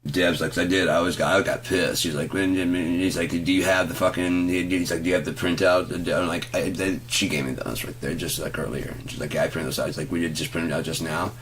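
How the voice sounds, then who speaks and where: A man telling an angry, profane story about an argument over a bill, quoting both sides and swearing constantly, at times shouting. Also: low voice, little pitch movement, a little fast, few pauses. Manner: heavy swearing, retelling an argument with quoted back-and-forth, rising to shouts. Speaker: vlogger ranting to camera.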